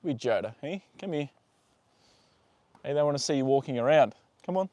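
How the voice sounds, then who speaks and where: A man hosting a live stream outdoors, his voice pitched a little higher than most men's. He rambles along in an easygoing way and reads out viewer comments, full of ums and uhs. The sound is dry and close, picked up by a phone on a tripod. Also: animated, moderate pace, dark tone, dry recording, highs cut off. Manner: rambling and easygoing, with many fillers. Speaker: livestream host. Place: outdoors with a horse.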